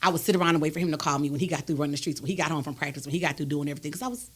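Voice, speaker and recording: A woman, hosting a podcast and telling a personal story in a candid, animated, emphatic way. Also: low-pitched, rapid-fire, husky. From Texas, USA. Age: adult, raised a grown son. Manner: emphatic and animated, with frequent "do you understand me?". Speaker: podcast host.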